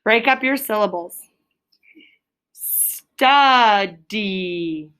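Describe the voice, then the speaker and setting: A woman teaching a third grade class in a classroom, sounding out spelling words slowly and clearly. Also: mid-range voice, lively intonation, a bit bright. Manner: clear, drawn-out word sounding. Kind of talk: classroom phonics lesson.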